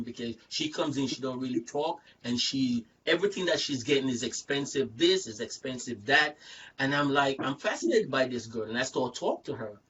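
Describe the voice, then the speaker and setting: A man hosting a casual group talk, telling stories in an animated, rambling way, repeating words and acting out other people's lines. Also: mid-range voice, husky, recorded from a distance, lo-fi sound. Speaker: show host. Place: online video chat.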